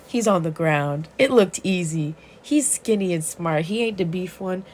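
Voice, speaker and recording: A young woman vlogger casually recapping a comic plot, animated, swearing and laughing as she goes. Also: lowish voice, a little slow, hardly any pauses, slight background noise, low-quality recording. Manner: animated, profane, laughing storyteller.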